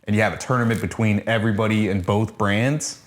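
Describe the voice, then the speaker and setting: Laid-back man with a lowish voice. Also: fairly even intonation, fairly quick. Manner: laid-back, profane, pitching ideas. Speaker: podcast co-host. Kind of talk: casual wrestling review chat.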